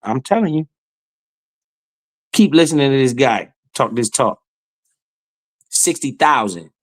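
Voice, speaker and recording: Animated, heckling man with dry sound. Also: medium pitch, a little slow, no echo. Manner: animated, heckling, swears and laughs often. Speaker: finance streamer. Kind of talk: casual commentary over a played clip.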